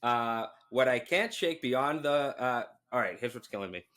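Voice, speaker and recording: A man's voice: medium pitch, normal speed. A young man co-hosting a podcast, swearing often and laughing through casual chat. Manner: profane, animated, laughs a lot. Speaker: podcast co-host.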